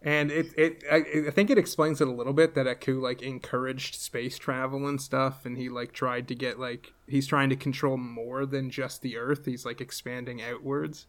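A man's voice: mid-range voice, little pitch movement, moderate pace, few pauses. A man recapping a cartoon episode in casual podcast chat, rambling with many fillers and laughing often. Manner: rambling, laughs often, puts on silly voices.

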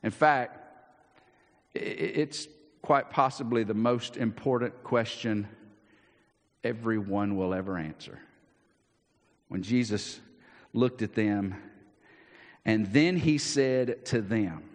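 A man with a Southern US accent preaching a sermon as pastor, folksy, repeating words and dropping into hushed asides. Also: on the low side, slow pace, long pauses, in a large hall.

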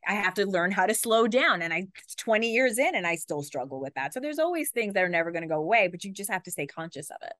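A woman in her forties, a TV news anchor, talking fast and animatedly in a conversational interview and acting out quotes. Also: mid-range voice, no room sound, clean studio sound. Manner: fast, animated talker who acts out quotes.

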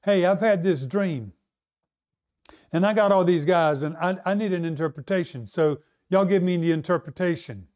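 A man's voice: high-pitched, normal speed, a little mellow, lightly acted. An angry demanding king, as a preacher puts him on. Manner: threatening, impatient.

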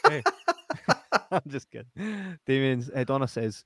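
A man's voice: mid-range voice, lively intonation, takes it slowly, pushed and bright, no echo. A man with a Scottish accent hosting a casual live stream, reading out chat messages with lots of laughter and banter. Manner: banters, laughs often, swears.

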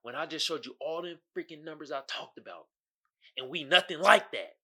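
A man's voice: on the high side, animated, brisk, pushed and bright, husky. A man hosting his own podcast, talking casually in slangy commentary and often asking "you feel me.". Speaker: podcast host.

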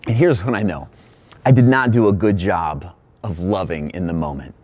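A middle-aged male pastor delivering a sermon, telling a funny story about himself in an animated, self-deprecating way. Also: deep voice, moderate pace.

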